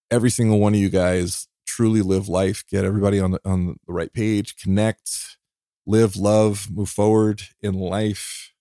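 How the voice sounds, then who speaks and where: A heartfelt man speaks on his own podcast in a fairly low voice. He sounds emotional and close to tears, stumbling over restarts and breaking into small laughs. The recording is dry, with no room sound. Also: dark tone, no echo. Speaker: podcast host. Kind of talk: reflective solo podcast monologue.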